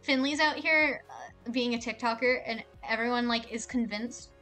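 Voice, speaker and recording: A woman's voice: on the high side, bright, forceful tone, soft background music. A woman streamer chatting casually and jokingly while reading a visual novel aloud. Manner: rambling, joking, fast with fillers.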